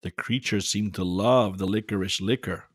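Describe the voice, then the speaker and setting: Calm low-voiced male narrator. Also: noisy background. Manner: measured, calm storytelling. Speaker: storyteller. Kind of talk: scripted narration.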